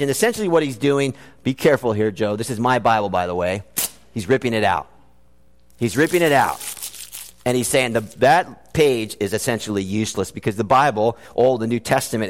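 A man delivers a sermon in a church sanctuary, his fairly high voice carrying a long echo through the hall. He preaches earnestly and with energy, breaking into quick joking asides between points. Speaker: pastor.

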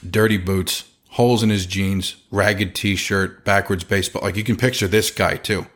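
Lower-voiced man telling a lively story. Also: moderate pace. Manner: lively, acts out other people's lines in changed voices; loose and rambling with many fillers and restarts. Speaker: chimney company owner. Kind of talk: casual storytelling talk.

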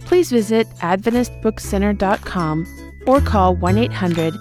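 A woman's voice: medium pitch, unhurried. Woman announcing credits over children's music. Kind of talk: scripted credits and contact announcement.

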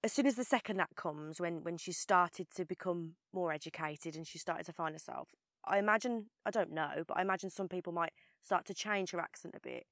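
A woman's voice: lowish voice, brisk, fairly bright tone, no echo, studio quality. A young woman with a Birmingham accent, an actress chatting as an interview guest, with lots of fillers and restarts. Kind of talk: casual interview chat.

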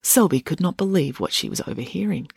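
An author giving an expressive reading of their own book in a home office, then signing off casually. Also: mid-range voice, fairly quick, gravelly, slightly rough, no room sound, studio quality. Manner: expressive reading, chatty sign-off. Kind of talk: audiobook-style reading. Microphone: home setup.

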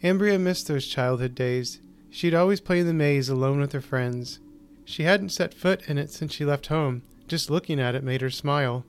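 Measured male short-story narrator. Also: a little high. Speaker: host and narrator.

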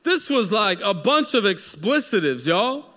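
A male pastor preaching a sermon with dramatic storytelling, swinging between loud emphasis and hushed moments. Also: high voice, big pitch swings, a little slow.

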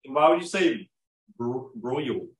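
A man's voice: mid-range voice, expressive, unhurried, reverberant, rough recording. A young man in casual chat, joking and arguing playfully. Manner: joking, argumentative.

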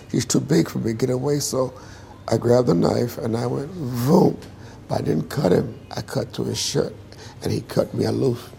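A man's voice: mid-range voice, gravelly, warm tone, a little hiss or hum. A man in his sixties, interviewed, telling a hard personal story earnestly and emphatically, acting out what people said. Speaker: interviewee, singer.

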